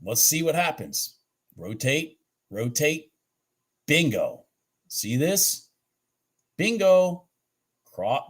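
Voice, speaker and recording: A man with a somewhat high, very lively voice walks through his trading charts. He mutters to himself and swears as the candles move, like a host replaying his own session for viewers. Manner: animated, swears and talks to himself about the charts. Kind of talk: live trading chart review.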